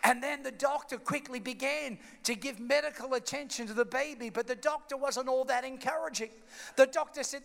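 A man preaches a sermon in a big church hall, his very high voice ringing with long reverb. He storytells in a hushed tone and then climbs to fervent shouts. There's a gravelly edge to it. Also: a little fast. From Australia. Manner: impassioned preaching, rising to shouts. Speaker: pastor.

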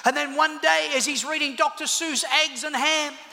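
High, bright-voiced preacher in a hall. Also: male voice, fairly even intonation, normal speed, creaky. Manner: storytelling, swings from loud to quiet. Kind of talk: sermon. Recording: echoey hall.

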